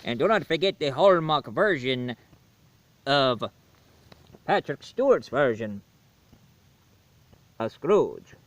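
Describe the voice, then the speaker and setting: A man voicing a jolly, booming Santa Claus with a mock Swedish accent and a hearty ho-ho laugh in a comedy sketch. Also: big pitch swings, slow, long pauses, a bit bright, no echo. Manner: hearty, rambling, jokey.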